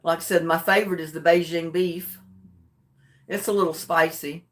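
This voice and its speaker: A woman's voice: on the low side, fairly even intonation, normal speed. Drowsy older woman chatting. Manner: chatty, homey, chuckles often. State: drowsy and relaxed. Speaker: livestream host. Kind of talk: casual chat with live viewers.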